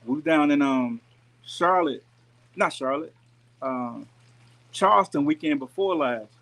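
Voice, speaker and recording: A man's voice: fairly high pitch, slow pace. Laid-back man chatting on a live stream. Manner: relaxed, folksy, talks to viewers directly. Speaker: YouTube gardening channel host. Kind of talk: casual live-stream chat. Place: rented house with pool and jacuzzi. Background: pool and jacuzzi noise.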